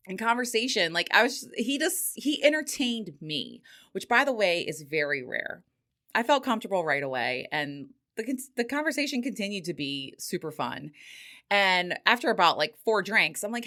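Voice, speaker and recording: A woman's voice: mid-range voice, sing-song, moderate pace, sharp tone. A middle-aged woman hosting a podcast, telling a story casually and swearing freely, with frequent laughter. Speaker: podcast host.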